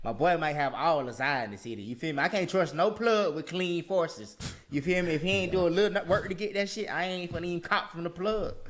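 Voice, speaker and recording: A man's voice: fairly high pitch, fairly quick, hardly any pauses, a bit bright. A man joking in casual banter, slangy and laughing.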